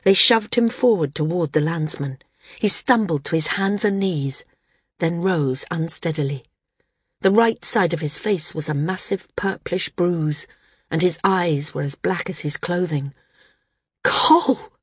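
A woman narrating a novel in measured storytelling. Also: on the low side, husky, no echo, clean studio sound. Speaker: audiobook narrator. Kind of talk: scripted narration.

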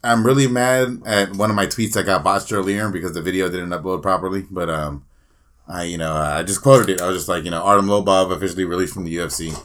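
A man's voice: low voice, fairly even intonation, fast talker, fairly bright tone. A man co-hosting a fight podcast, riffing crude jokes and laughing at his own bits. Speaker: podcast co-host. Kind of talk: casual profane chat.

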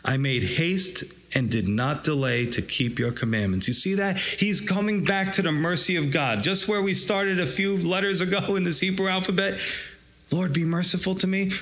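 A man's voice: a little high, a bit bright. A man preaching a sermon, reading scripture aloud and drawing out its lesson with rising emphasis. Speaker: pastor.

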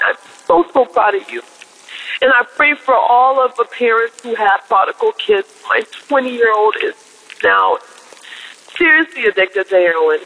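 High, bright-voiced man calling in. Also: low-quality recording. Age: middle-aged. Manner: fervent, voice swinging high and low. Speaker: caller. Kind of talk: emotional voicemail prayer.

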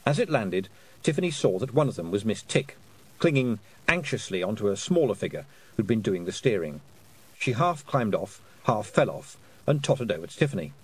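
A man reads a storybook aloud with an expressive, husky voice. His pitch moves a lot from phrase to phrase. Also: moderate pace, poor audio. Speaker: audiobook narrator. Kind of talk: scripted narration.

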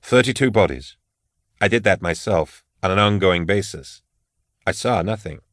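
A no-nonsense woman in charge speaks in clipped, businesslike sentences, as a male audiobook narrator puts her on. Her voice sits a touch higher than his own low tone. The recording is close and dry. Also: a bit bright, dry recording. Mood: impatient. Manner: brisk and businesslike. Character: brisk, no-nonsense female officer in charge.

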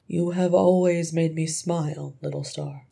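A woman voicing a ghostly male dwarf king, speaking softly, lowly and tenderly. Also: fairly even intonation, measured pace, creaky, slightly rough, heavily acted.

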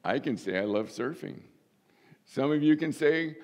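An older man preaching a sermon as pastor, folksy and humorous, with sudden lifts in pitch for emphasis. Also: expressive, unhurried.

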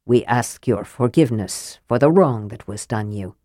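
Woman voicing a proud dwarf chieftain, polite, unafraid, very deep, quiet, dry storybook audio. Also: animated, moderate pace, dry recording. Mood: dignified.

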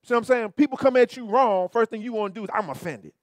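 A man pastor preaching a sermon in an animated, colloquial way, turning often to his listeners with repeated asides. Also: extremely high pitch, fast, dry recording.

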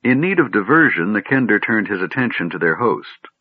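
A man narrating a fantasy audiobook in a measured storytelling manner, recorded on a narrow phone-like line. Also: on the low side, big pitch swings, husky, no echo. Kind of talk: scripted narration.

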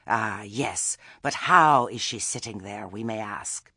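A man's voice: lowish voice, takes it slowly, pushed and bright, no room sound, clean studio sound, heavily acted. A man voicing a prim, bossy woman on a village committee, accusing and officious. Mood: stern, accusing.

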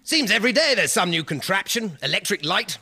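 A man's voice: sits high, sing-song, a little fast, gravelly, noisy background, heavily acted. A man playing a dim, blustering Victorian army major in a comedy sketch. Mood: pompous.

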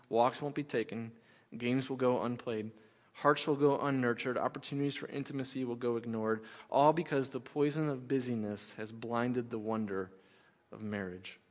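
Speaking in a fairly high, slightly bright voice, a middle-aged pastor preaches a sermon as though conversing with the congregation, hammering points home by repeating key phrases. A long reverb makes his voice ring out as if in a large sanctuary.

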